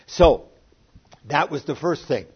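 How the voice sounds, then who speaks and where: An older man preaching a sermon online, earnest and plainspoken, with sudden swells in loudness. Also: a little high, slow, husky. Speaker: pastor. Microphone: online sermon recording. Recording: muffled lo-fi recording.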